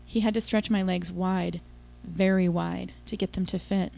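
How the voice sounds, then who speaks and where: A woman's voice: fairly low pitch, steady tone, normal speed, creaky, dark tone. A woman giving an intimate, confiding first-person audiobook narration.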